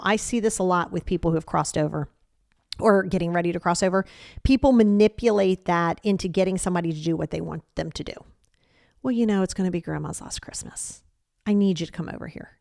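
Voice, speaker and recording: A woman's voice: mid-range voice, a little mellow, no echo, clean studio sound. A middle-aged woman hosting a self-help podcast, talking straight to listeners in a direct, emphatic, lecturing way. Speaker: podcast host.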